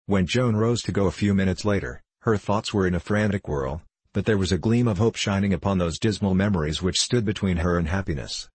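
A man narrating an audiobook in a measured, formal storytelling manner. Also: deep voice, a little mellow, husky, no echo.

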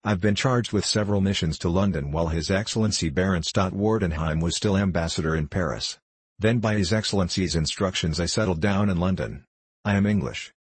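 A bulky, sulky middle-aged man, as a male reader puts him on, with a husky, deadened delivery. His voice sits very low and sounds close and dry. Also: fairly quick, no room sound. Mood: sullen.

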